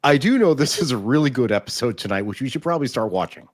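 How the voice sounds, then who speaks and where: Host, casual review podcast, explanatory, steady mid-range male voice. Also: medium pitch, fast. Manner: explanatory, with frequent fillers and restarts in chat. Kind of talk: casual review chat with a scripted intro.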